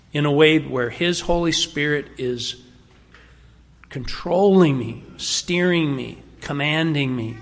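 In a church sanctuary with a long, lingering reverb, a male pastor gives a conversational sermon. He leans emphatically on key words and shifts his pace and volume. His voice sits a touch above the typical male range.

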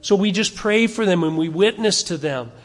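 A man's voice: sits high, expressive, big-room sound. A male pastor preaching a sermon in a church, earnest and conversational, acting out the arguments people raise. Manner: softens and slows into prayer at the close.

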